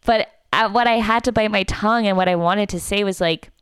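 A woman's voice: mid-range voice, brisk, clear, resonant tone, no room sound, studio quality. A young woman from Canada, a comedian casually telling a story on a podcast and acting out what people said. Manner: animated, acts out quotes.

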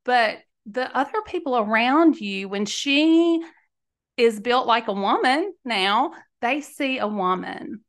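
Woman, forties, gravelly voice, slightly high, chatty podcast host. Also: expressive, slow, a bit bright. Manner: chatty, emphatic, laughs mid-sentence. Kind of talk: candid storytelling monologue.

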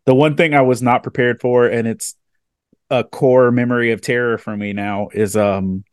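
A man hosting a podcast interview, chatting casually and telling stories with animated energy. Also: medium pitch, moderate pace, clean tone, no echo, studio quality. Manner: animated storyteller, casual and excitable. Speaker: podcast host.

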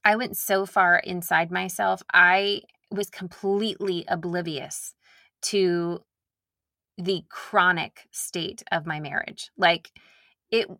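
A woman's voice: lowish voice, bright, forceful tone, no room sound, studio quality. A woman from Nashville talking candidly and earnestly to her listeners in a casual, reflective monologue. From Nashville, Tennessee. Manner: slips into mocking impressions of herself.

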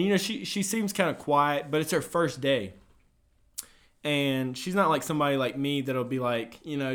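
A man's voice: mid-range voice, fairly bright tone. A young man who works a gym front desk, telling work stories in a casual, profane chat and acting out callers.

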